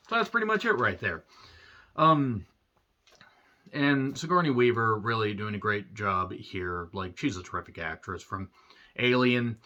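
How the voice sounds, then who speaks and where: A man giving a casual, rambling film review, swearing freely and clearing his throat often. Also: fairly low pitch, expressive, unhurried, long pauses, bright, forceful tone. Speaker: movie reviewer. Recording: dull lo-fi recording.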